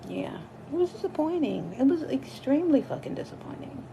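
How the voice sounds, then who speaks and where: A woman vlogger telling a casual storytime rant, animated and profane, her voice jumping high and loud when she gets worked up. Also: a little fast, creaky, dull audio, background noise.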